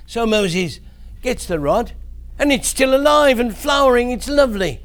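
A man preaching to children, telling a Bible story in an animated way with big swings in his voice. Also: very high voice, normal speed.

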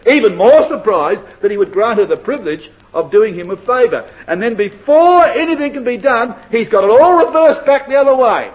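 Male preacher, high animated voice, dull lo-fi tape. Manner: expository Bible preaching, addresses brethren and sisters. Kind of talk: sermon. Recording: dull lo-fi recording.

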